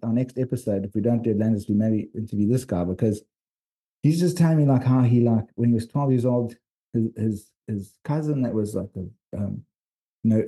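Dark-voiced South African man telling stories. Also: mid-range voice. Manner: rambling, animated storytelling. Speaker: podcast co-host and documentary filmmaker. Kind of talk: casual storytelling chat.

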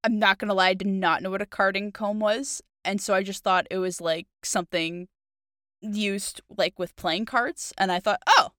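A woman co-hosting a podcast who retells a fairy tale in a playful, animated way. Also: mid-range voice, normal speed, no echo, studio quality. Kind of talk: casual chat and story narration.

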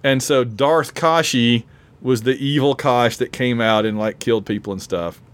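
A man's voice: mid-range voice, normal speed. A man co-hosting a casual podcast chat, a chatty fan who laughs often and is losing his voice. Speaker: podcast co-host.

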